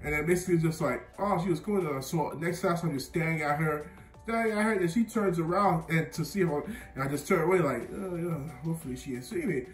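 A man's voice: a little high, quick pace. A young man casually telling a personal story, rambling with lots of fillers and often laughing at himself. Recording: roomy sound, mic at a distance, faint music.

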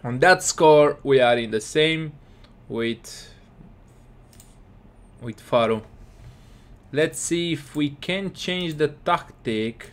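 A man with casually commentating his football game, excitable and scolding his players. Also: on the high side, takes it slowly, long pauses. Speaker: gaming commentator.

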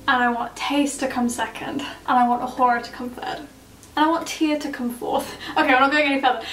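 A young woman chatting through a drag makeup tutorial, bubbly and swearing freely. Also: high-pitched. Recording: roomy echo, distant mic, background noise.

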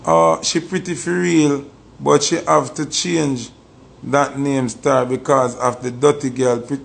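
A man's voice: medium pitch, steady tone, measured pace, vocal fry. A man with a Jamaican accent reviewing songs on a casual livestream, boastful and emphatic, repeating his points. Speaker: music reviewer. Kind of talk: livestream music review chat.

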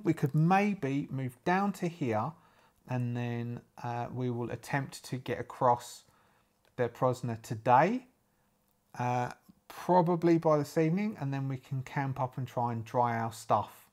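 A man's voice: medium pitch, slow pace, a little mellow. A man from Ireland narrating a solo tabletop game, rambling and thinking aloud with lots of fillers.

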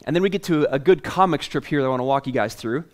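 A man preaching a sermon as pastor, telling a story playfully and then settling into a softer, earnest tone. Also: medium pitch, fast. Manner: animated, playful storytelling with chuckles; softer, earnest tone when making the point.

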